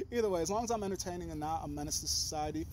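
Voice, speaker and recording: A young man vlogging in a rambling, profane, animated monologue. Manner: talks in a high sing-song to his dog.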